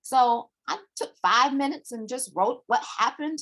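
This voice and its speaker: A woman's voice: a little high, normal speed, hardly any pauses. Chatty woman hosting a morning show. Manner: chatty, animated, acts out quoted voices. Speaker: host of a morning chat show. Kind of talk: casual live-stream storytelling.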